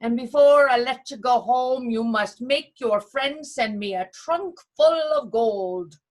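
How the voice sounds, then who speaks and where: A woman voicing a boastful, bullying male pirate captain in a storybook reading, loud and gloating with rough pirate talk. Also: high-pitched, slow pace.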